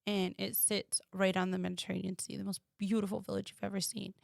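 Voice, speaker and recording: Woman telling her story, gravelly edge. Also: fast, no room sound, studio quality. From United States. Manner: animated, quoting others with rising pitch. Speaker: guest. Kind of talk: personal storytelling.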